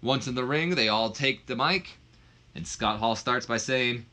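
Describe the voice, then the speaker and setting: A let's play commentator offers casual, offhand commentary on a wrestling simulation game, chatty and full of fillers and asides. His voice sits on the low side, bright and forceful, at a moderate pace.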